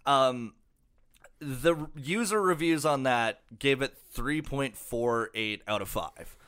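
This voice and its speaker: A man's voice: mid-range voice, slow, fairly bright tone, clean tone, no echo. A young man co-hosting a casual album review podcast, swearing a lot and rambling with fillers. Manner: profane, rambling, lots of fillers. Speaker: podcast co-host.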